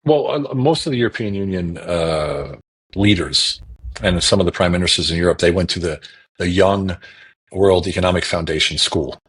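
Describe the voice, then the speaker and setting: A man's voice: low voice, normal speed, a bit bright, slightly rough. A man talking as a podcast guest on a remote call, emphatic and repeating words for stress. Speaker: guest political commentator. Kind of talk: casual podcast talk.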